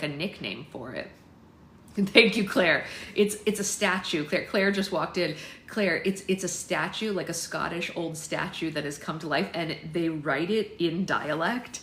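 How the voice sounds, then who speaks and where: A woman's voice: low voice, a bit bright. Woman reading a novel aloud, roomy. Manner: chatty, breaks off to comment and laugh. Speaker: book club host reading aloud. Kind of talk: casual read-aloud with chatty asides. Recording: roomy echo with faint ambience.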